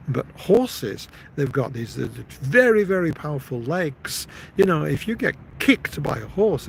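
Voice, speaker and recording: Halting man telling a story. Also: fairly high pitch, creaky, slight background noise, rough recording. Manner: rambling, halting retelling with repeated words. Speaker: live stream host. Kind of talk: casual storytelling.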